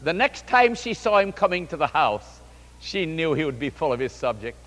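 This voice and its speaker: Animated male preacher in an echoing hall. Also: fairly high pitch, moderate pace. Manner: animated storytelling, addresses the congregation. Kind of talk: sermon.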